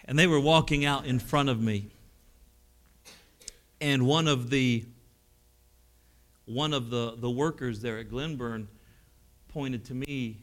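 A middle-aged male preacher with a drawl and a bright, forceful voice. He tells stories from the pulpit, rising to loud, exclaiming peaks and then dropping to hushed, heartfelt lines. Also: mid-range voice, slow pace, pauses often. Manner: storytelling, swings from loud exclamations to hushed emotional tones. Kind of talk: sermon.

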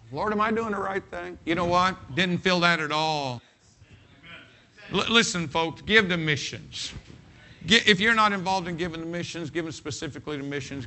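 A man's voice: a little high, bright, forceful tone, slight background noise. A man preaching a sermon as pastor, emphatic and folksy, often repeating his phrases.

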